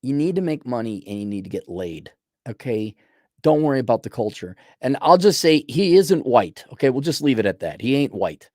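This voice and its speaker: A man's voice: medium pitch, sing-song, brisk, darkish tone, dry recording. A man hosts a casual rant, answering a viewer's letter in a blunt, profane way. He rambles and restarts often, with a mid-range voice. The sound is dry and close. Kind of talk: casual ranting commentary.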